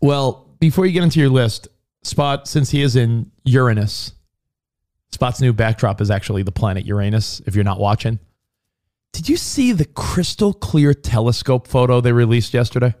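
A man's voice: mid-range voice, normal speed. A man co-hosting a casual talk show, joking with his co-hosts. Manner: animated, joking. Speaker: co-host. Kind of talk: casual chat.

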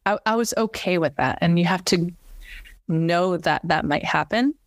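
A woman's voice: on the low side, normal speed, no room sound, clean studio sound. A woman talking candidly and animatedly as an interview guest, with many fillers and restarts. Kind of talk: casual interview chat.

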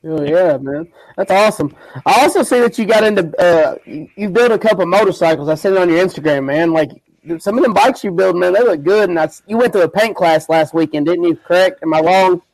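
Loud, eager high-voiced man. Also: brisk, no echo, rough recording. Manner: loud, eager, slangy questions. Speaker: podcast co-host. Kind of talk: casual podcast chat.

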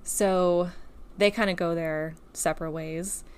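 A woman's voice: fairly low pitch, steady tone, takes it slowly, clean tone. A woman co-hosting a casual book podcast, recapping a story in a chatty way with lots of filler words. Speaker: podcast co-host.

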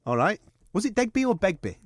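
A man co-hosting a podcast, chatting casually in an animated, playful way with plenty of swearing. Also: high voice, a little fast, a little hiss or hum. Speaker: podcast co-host. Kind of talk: casual chat.

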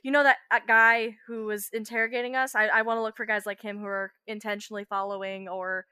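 A woman's voice: mid-range voice, little pitch movement, fast talker, pushed and bright, clean tone, no room sound, studio quality. A woman playing a tabletop game, thinking aloud in a hesitant, thoughtful way. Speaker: player. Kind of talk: casual tabletop play.

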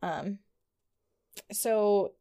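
A woman's voice: medium pitch, drawn-out words, warm tone, clear, resonant tone. A young woman co-hosting a casual podcast, reading from her notes with frequent ums and stumbles over hard words. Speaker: podcast co-host.

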